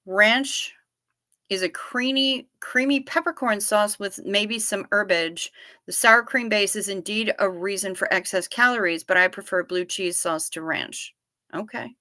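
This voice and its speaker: A woman hosts a relaxed livestream, reading chat aloud and firing back blunt, salty replies. Her voice is bright and punchy. The sound is dry and close, with no room echo. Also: mid-range voice. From United States. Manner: blunt, salty, quick to tease. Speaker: livestream host.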